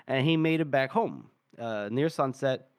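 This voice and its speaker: A man's voice: mid-range voice, measured pace, smooth, no echo, studio quality. A man hosting a podcast, loosely retelling a chapter with fillers and laughs. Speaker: podcast host. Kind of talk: casual chapter recap.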